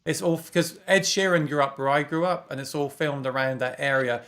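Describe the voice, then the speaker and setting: English guy chatting on a stream, reads out comments, laughs a lot, slightly higher voice. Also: steady tone, a little fast, a bit bright. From England. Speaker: host of a guitar livestream. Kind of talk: casual livestream chat.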